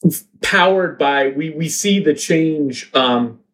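Slow, halting improv storyteller. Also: medium pitch, fairly bright tone, slight background noise. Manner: halting, restarts often, builds the plot aloud. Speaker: storyteller, co-host.

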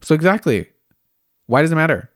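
A man's voice: a little high, a little fast, no echo, studio quality. A young man hosting a candid podcast, gushing and chatty, sometimes dropping into whispers. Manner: gushing, expressive, slips into whispers. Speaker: podcast host. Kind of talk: candid casual chat.

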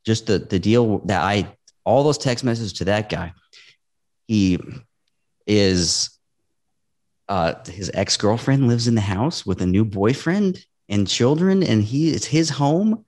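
On a podcast, a male real estate investor guest shares stories in a casual, sincere, lively way, acting out whatever he quotes. His voice sits on the low side, and he takes his time speaking.

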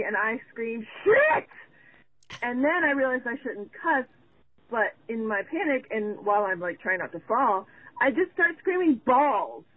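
A woman caller telling a story over the phone, animated and bursting into yelled reenactments. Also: fairly high pitch, a little hiss or hum. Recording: tinny phone line.

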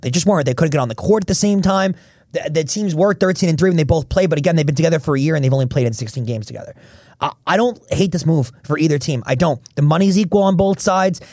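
Man, sports podcast host, fast and emphatic, slightly high voice, dry close sound. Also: darkish tone, no room sound. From Philadelphia area. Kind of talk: casual sports talk.

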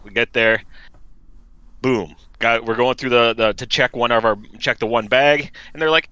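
A man tells a travel story in loose, rambling casual chat, stacking fillers and restarts. His voice is bright and forward. The sound is dry and close. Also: medium pitch, moderate pace, smooth, dry recording, dull audio. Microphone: remote call mic.

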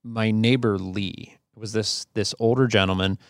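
Male podcast co-host, gravelly low voice, rambling storyteller. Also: fairly even intonation, moderate pace, no echo, clean studio sound. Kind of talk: casual chat, storytelling.

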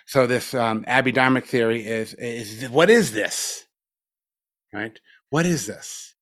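A middle-aged meditation teacher gives a casual dharma talk, loose and profane and packed with fillers, sounding a little spaced out after a retreat. He speaks slowly in a mid-range voice with a fairly bright tone.

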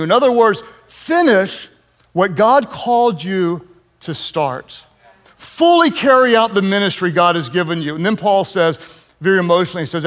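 A middle-aged male pastor preaching a sermon, leading the congregation in call-and-response and rising to shouted peaks. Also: sits high, expressive, moderate pace.

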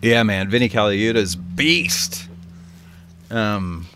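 A man's voice: on the low side, slow pace, sharp tone, a little hiss or hum. A man co-hosting a podcast in casual chat, teasing his co-host in a dry way and swearing casually.

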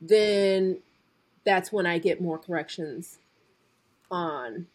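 A woman in her forties with a husky, slightly breathy voice, speaking in a casual podcast chat. She sits a little low in pitch and talks slowly and deliberately, as if weighing each word. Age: 40s. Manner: slow, deliberate speech. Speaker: podcast co-host. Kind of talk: casual conversation.

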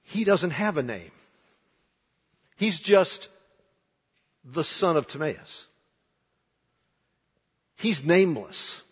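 A man preaching a sermon as pastor, moving from hushed, slow lines to loud, dramatic outbursts. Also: fairly high pitch, lively intonation, husky. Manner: dramatic, swings from hushed to shouting. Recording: long hall reverb.

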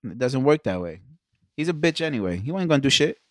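A young man on a casual podcast telling animated stories, acting out quotes and swearing a lot. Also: mid-range voice, fast talker, dry recording, clean studio sound. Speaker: podcast co-host.

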